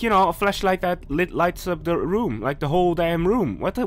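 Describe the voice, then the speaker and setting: Jumpy, bright-voiced young man gaming. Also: high voice, expressive, moderate pace, few pauses, soft background music. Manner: jumpy, talks himself through scares, nervous self-soothing; addresses viewers and game characters directly. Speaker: gaming YouTuber. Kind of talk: horror game playthrough commentary.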